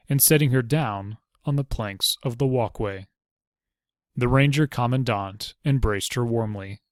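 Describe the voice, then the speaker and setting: A man narrating an audiobook in a steady, even storytelling manner. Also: medium pitch, no room sound, clean studio sound.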